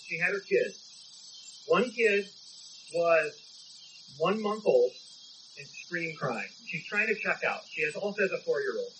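A man with a fairly high voice, preaching. He tells stories in an emphatic, conversational way, with a faint hum behind him. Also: expressive, a little slow, pauses often, fairly bright tone, poor audio. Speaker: pastor. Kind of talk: sermon.

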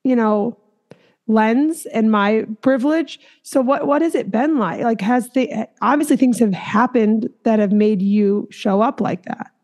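A woman's voice: fairly high pitch, a little slow, darkish tone. A woman podcast host from Minnesota, chatting casually and empathetically with a guest, with plenty of "like" fillers. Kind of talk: casual interview chat.

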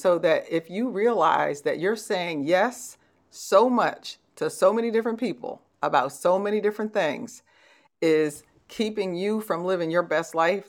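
A middle-aged woman hosting a conversational motivational talk, telling stories and laughing easily. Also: on the low side. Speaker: host.

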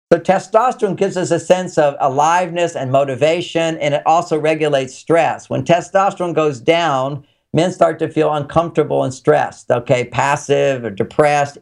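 Slightly high-voiced man telling stories. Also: vocal fry, a little mellow. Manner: storytelling, explains with anecdotes. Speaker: relationship author and guest. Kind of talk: casual interview talk.

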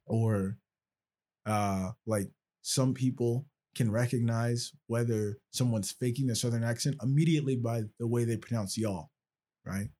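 A man's voice: mid-range voice, measured pace, dark tone. A male podcast host talking casually and explaining at length, checking in often with "right?". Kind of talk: casual conversational podcast talk.

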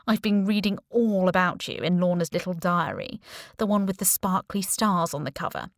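A woman's voice: fairly low pitch, expressive, normal speed, no room sound, clean studio sound. A woman reading a smug, mocking male spy boss. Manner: mocking, condescending. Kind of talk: audiobook character reading.

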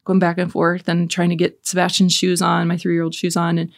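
A woman's voice: fairly low pitch, completely flat delivery, fairly quick, gravelly, dry recording, clean studio sound. A woman in her forties hosting a Catholic prayer talk, telling family stories in a chatty, laughing way before leading prayer. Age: 40s. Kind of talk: casual faith talk with storytelling and prayer.

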